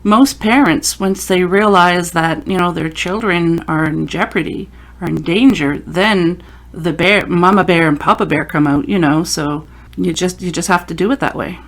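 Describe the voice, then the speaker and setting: A woman with a lowish voice and a moderate pace hosts a paranormal podcast. In casual interview chat, she tells stories sprinkled with quoted asides.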